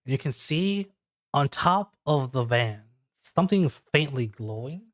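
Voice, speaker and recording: A man's voice: mid-range voice, animated, fairly bright tone, no echo, clean studio sound. Man narrating as game master. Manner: descriptive, halting with fillers.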